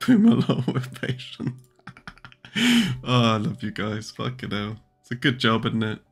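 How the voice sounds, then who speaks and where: A man's voice: lowish voice, a little slow, gravelly, breathy edge. A young man hosting a trading livestream. He chats casually, swears, and jokes while answering viewers' questions. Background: faint music.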